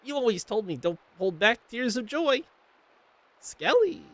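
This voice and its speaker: Man doing a sweet elderly grandma for a game read-along, high and quavering, swooping pitch. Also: very animated, measured pace, fairly bright tone, a little hiss or hum, heavily acted. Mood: tender, joyful. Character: frail, tender old grandmother, overjoyed.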